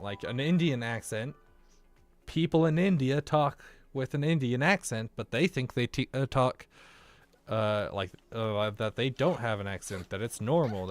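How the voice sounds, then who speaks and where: An American man chatting casually through a let's-play, rambling from thought to thought and talking to the game's characters. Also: mid-range voice. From United States. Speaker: gaming video creator.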